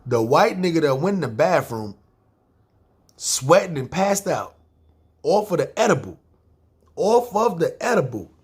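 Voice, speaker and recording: A man with a New York accent tells a story from his own life in a relaxed, foul-mouthed style. His voice sits a bit high for a man and has a husky grain. He slips into quick impressions of the people in the story and keeps coming back to the same catchphrases. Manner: profane, laid-back, repeats catchphrases, acts out quotes. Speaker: podcast storyteller. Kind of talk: casual spoken storytelling.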